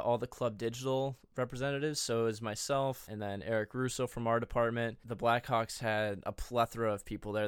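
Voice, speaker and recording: Smooth, dry-sounding joking male podcast host. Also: mid-range voice, dry recording. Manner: playful, joking, storytelling. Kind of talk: casual chat.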